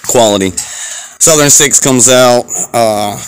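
A man's voice: medium pitch, takes it slowly, a little hiss or hum. Profane, rambling man reviewing wrestling. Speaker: wrestling podcast host. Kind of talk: casual solo show review.

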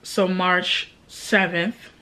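A woman's voice: lowish voice, steady tone, drawn-out words, sharp tone. A young woman vlogger telling a candid, emotional story in a casual storytime monologue, repeating phrases for emphasis.

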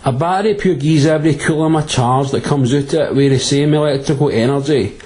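A man's voice: on the high side, brisk, a little mellow. A man with a Glaswegian accent teaching physics in a crude, jokey, slang-heavy way. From Glasgow, Scotland. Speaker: physics tutor. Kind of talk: comic slangy physics lesson.

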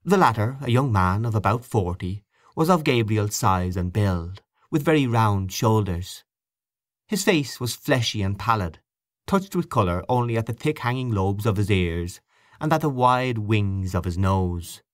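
A male audiobook narrator with a low voice that moves a great deal in pitch. The reading is expressive and lively, recorded dry and close to the mic. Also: unhurried, no echo. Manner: expressive reading, voicing characters. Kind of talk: scripted narration.

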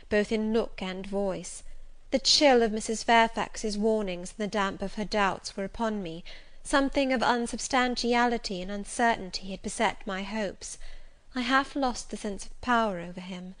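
Measured woman audiobook narrator. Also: mid-range voice, a bit bright. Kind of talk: scripted narration.

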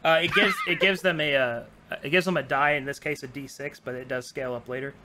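A man acting as game master for a tabletop game, with a voice of middling pitch. He walks the players through the rules in a patient, easygoing way and laughs often. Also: fairly even intonation, fast, background noise.

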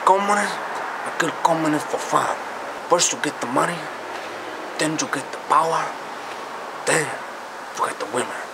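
Man doing swaggering boss; raised, gravelly, street traffic loud underneath. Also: on the high side, expressive, normal speed, long pauses. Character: menacing swaggering gangster boss, adult man. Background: passing cars.

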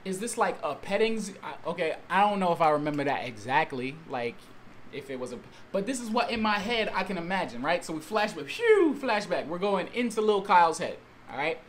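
A man telling a story-time tale in a vlog, excitable and slangy, with exaggerated storytelling and sudden outbursts. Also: high voice, a little hiss or hum. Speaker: YouTube storyteller.

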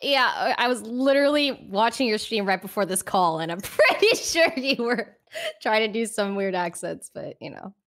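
A woman's voice: medium pitch, animated, normal speed, few pauses, fairly bright tone. A woman joining a stream on a call, chatting casually, teasing and laughing easily. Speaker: guest on a call. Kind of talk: casual reaction chat.

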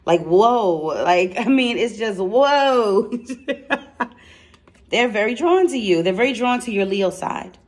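A woman giving a casual tarot reading to camera, excitable and chatty, blunt and slangy, speaking straight to her viewers. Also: medium pitch, a little slow. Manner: excitable and chatty, laughs and exclaims. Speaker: tarot card reader.

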